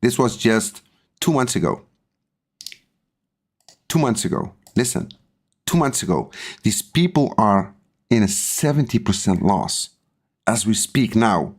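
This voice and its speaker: A man giving live commentary on crypto charts to his stream viewers, repeating words for emphasis and pushing into excited, urgent appeals. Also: fairly low pitch, measured pace, pauses often, breathy edge. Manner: repetitive and emphatic, rising to excited urging.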